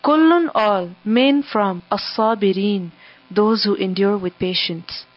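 A woman reciting scripture word by word, giving an English gloss after each phrase in a measured, halting delivery. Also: medium pitch, dry recording. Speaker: scripture reader and translator. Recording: dull, dry lo-fi recording.

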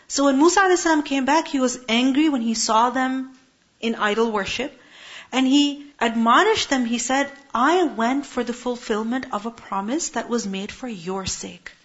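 A woman teaching a Quran lesson, explaining Arabic words and asking her listeners questions. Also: on the high side. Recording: muffled lo-fi recording.

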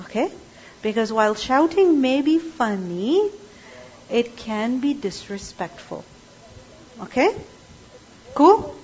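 A woman's voice: on the high side, very animated, slow pace, pauses often, a little mellow, breathy edge, highs cut off. A woman teaching a Quran class, explaining verses and checking in with her students with frequent questions.

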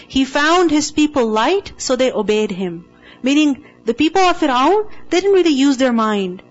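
A woman's voice: high voice, big pitch swings, normal speed, highs cut off, soft background music. A woman teaching the meaning of a Quranic word to a class, speaking emphatically and checking in with rhetorical questions.

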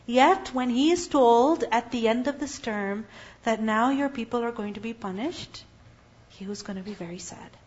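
A woman teaches a religious lesson in a fairly high voice. She keeps asking her listeners questions and then answers them herself. The recording sounds dull and lo-fi. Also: normal speed, darkish tone. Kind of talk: Islamic lecture.

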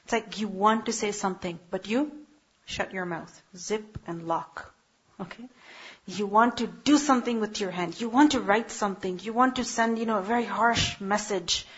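A woman's voice: medium pitch, fairly quick, hardly any pauses, a bit bright, husky, highs cut off. A woman teaching an Islamic lecture in an earnest, emphatic way, often asking her listeners questions. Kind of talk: religious lecture.

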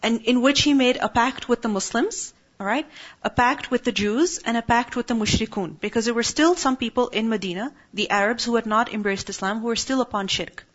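A woman in her thirties teaching an Islamic class in a calm, conversational way, often checking in with her listeners. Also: on the high side, a little fast. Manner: calm, conversational, many tag questions. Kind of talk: religious class talk. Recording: dull lo-fi recording.

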